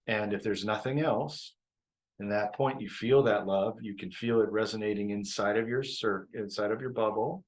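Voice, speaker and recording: A man teaching couples about forgiveness in a relaxed live-stream talk, reflective, often repeating his phrases and laughing easily. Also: lowish voice, moderate pace, low-quality recording. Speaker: relationship coach.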